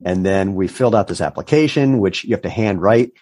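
A man's voice: deep voice, fairly quick, slightly rough, no echo, studio quality. A man in his fifties, a business founder being interviewed, telling stories and acting out the voices of the people he quotes. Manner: animated storyteller who acts out quoted voices. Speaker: entrepreneur guest. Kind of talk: casual interview storytelling.

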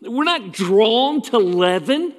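A man's voice: very high-pitched, expressive, takes it slowly, big-room sound. A man preaching a sermon as pastor, telling stories in a folksy way with asides.

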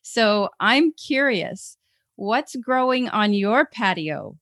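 A young adult woman hosting a podcast, cheerful and quick to laugh. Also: on the high side, lively intonation, fairly bright tone, no room sound, studio quality. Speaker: podcast host. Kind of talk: upbeat podcast chat.

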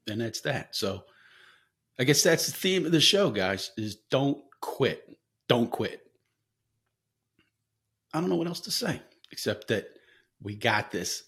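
A man's voice: medium pitch, fairly bright tone. A man hosting a casual solo podcast, talking candidly and rambling with frequent fillers and swearing, coughing now and then. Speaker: podcast host.

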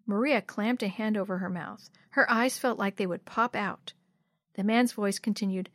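A woman narrating a children's storybook in a clear, expressive reading voice. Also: medium pitch, normal speed, no echo, studio quality.

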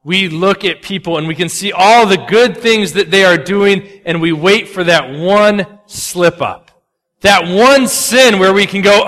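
A man preaching a sermon as pastor, conversational and animated, swinging between loud punchy asides and quiet earnest drops. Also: high-pitched, measured pace, in a large hall. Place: church sanctuary.

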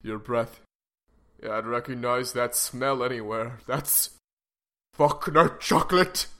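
A man's voice: medium pitch, takes it slowly, a bit bright. A man voicing a pompous, melodramatic rich father in a comedy sketch.

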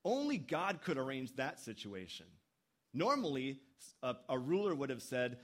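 A man preaching a sermon in a conversational way, with sudden jumps in pitch when he voices the people he quotes. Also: big pitch swings, moderate pace. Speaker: pastor.

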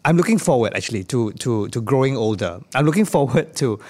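Animated Singaporean man in his fifties. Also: mid-range voice, a little fast. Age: 50s. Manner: animated, playful storytelling with laughter. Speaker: comedian co-host. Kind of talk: casual chat.

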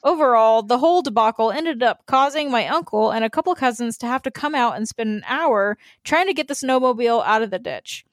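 A woman's voice: on the high side, lively intonation, fairly quick, few pauses, no echo. A woman co-hosting a podcast, chatting casually and reading listener emails aloud in an easygoing, slightly hesitant way. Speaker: podcast co-host.

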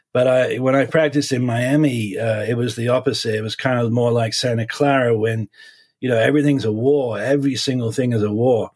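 A husky man in his forties being interviewed about his work as a lawyer. He talks in a halting, thoughtful way, often restarting his sentences. His voice sits at an ordinary middle pitch with a breathy edge. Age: 40s. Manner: halting and reflective, many restarts. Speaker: defense attorney.

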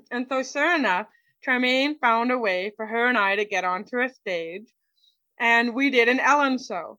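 A woman's voice: fairly high pitch, moderate pace, sharp tone, no room sound, poor audio. A woman guest in an interview, chatting casually through a personal story and acting out what people said to her. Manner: chatty, acts out quoted dialogue, many "like"s.

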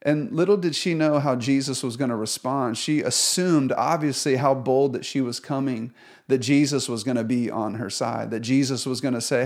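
Male American pastor, earnest and conversational sermon delivery, mid-pitched. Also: normal speed. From United States. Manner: conversational, earnest, animated retelling.

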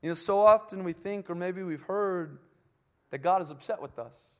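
A man preaching an Easter sermon, earnest and impassioned, with emphatic repetition and swings between hushed phrases and loud climaxes. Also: high-pitched, normal speed.

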